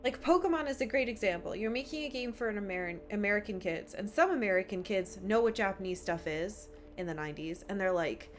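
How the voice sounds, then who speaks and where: A woman's voice: mid-range voice, animated, fast, few pauses. A young woman from Appalachia chatting while streaming a game, rambling with lots of fillers. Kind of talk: casual gameplay commentary. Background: faint game music.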